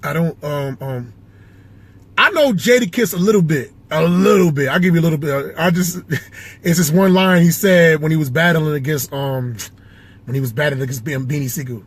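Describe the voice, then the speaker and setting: A man's voice: a little high, normal speed, slightly rough. A man chatting loosely and swearing as he tries out impressions, talking to himself inside a car. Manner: rambling, self-talking, swears often. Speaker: amateur impressionist. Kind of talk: casual impressions vlog.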